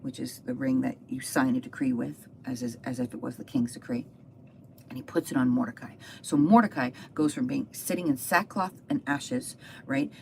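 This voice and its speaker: Animated low-voiced woman retelling a Bible story. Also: slight background noise. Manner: animated, chatty asides. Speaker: Bible teacher.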